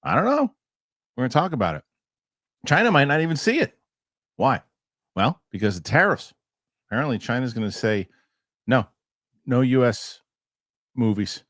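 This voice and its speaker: A man's voice: mid-range voice, sing-song, moderate pace, long pauses, a bit bright, no room sound, studio quality. A man hosting a casual podcast chat, jokey and rambling. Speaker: host. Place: New York studio.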